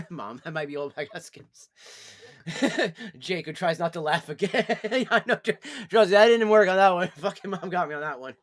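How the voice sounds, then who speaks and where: A man on an informal live stream chews someone out in expressive, profane rants at normal speed, lurching from weary, low sighs to full-volume yelling.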